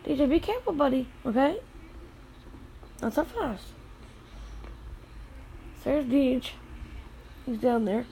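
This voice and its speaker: A woman filming her children playing outside in the snow, narrating casually and calling out gentle, firm warnings to the kids. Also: high-pitched, very animated, takes it slowly, creaky, long pauses, a little hiss or hum, low-quality recording. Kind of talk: casual family vlog. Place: outdoors in the snow.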